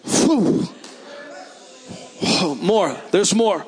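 A male preacher with a slightly high-pitched voice. He tells stories and then prays with fervent declarations over the congregation at a church service. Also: moderate pace, a bit bright. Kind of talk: sermon with prophetic prayer.

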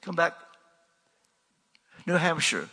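An older male preacher with a gravelly, raspy voice that is bright and tense in tone. He talks through his sermon conversationally, posing questions and answering them himself. Long reverb from a large hall trails each phrase. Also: a little high, very animated, slow. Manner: conversational, rhetorical questions and repeated refrains.

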